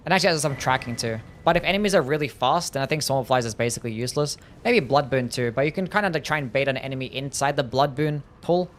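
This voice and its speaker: A man's voice: medium pitch, fast talker, few pauses. A man streaming a game live, chatting casually and answering viewers' questions in a loose, offhand way, with laughs and some swearing. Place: home streaming setup.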